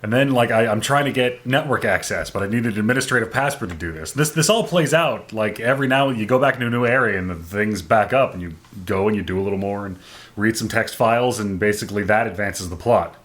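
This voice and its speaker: A man's voice: lowish voice, fast talker, fairly bright tone. A man co-hosting a gaming podcast, telling stories in a wry, rambling, casual way. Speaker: podcast co-host. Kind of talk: casual chat.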